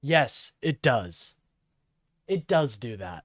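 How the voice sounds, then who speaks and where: A man streaming live, reacting to a political clip with profane, sarcastic rants that drop into low mumbling. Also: measured pace, dry recording, studio quality.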